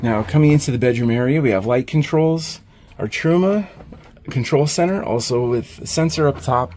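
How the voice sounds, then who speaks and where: An upbeat man walks through a camper van, naming features one after another in a casual salesman's patter. His voice sits at an ordinary middle pitch, with a faint hiss underneath. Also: moderate pace, mellow. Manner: upbeat, listing features as he points them out. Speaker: RV salesman giving a walkthrough tour. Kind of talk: casual walkthrough narration.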